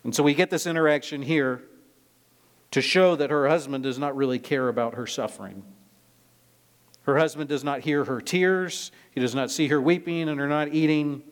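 A man's voice: medium pitch, normal speed. A man preaching a sermon, explaining a scripture passage verse by verse with emphatic delivery. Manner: expository, emphatic, reads scripture aloud.

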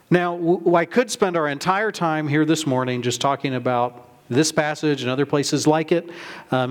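A man preaching a sermon as pastor, reading scripture aloud and then explaining it in a conversational way with some fillers and restarts. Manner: conversational preaching with fillers, raises pitch for quotes.

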